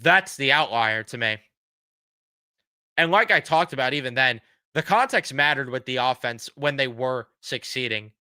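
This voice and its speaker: A man's voice: mid-range voice, expressive, normal speed, bright, forceful tone, clear, resonant tone, no echo, clean studio sound. A man hosting a fan reaction show, ranting bluntly and sarcastically about his team while losing his voice. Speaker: sports fan show host.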